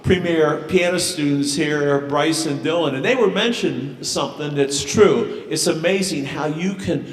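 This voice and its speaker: A man's voice: a little high, moderate pace, few pauses. A man, a piano teacher, speaking casually to a recital audience with a joking, chatty manner and some uhs. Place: church sanctuary. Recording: roomy church echo with long reverb.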